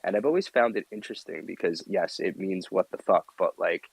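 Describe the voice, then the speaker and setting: A man with a deep voice talks loosely on a group call, circling back with fillers and restarts. The sound is dry and close. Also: a little fast, gravelly, breathy edge, no room sound, poor audio. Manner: rambling, lots of fillers and restarts, laughs easily. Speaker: team member on a community audio chat. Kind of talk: casual chat.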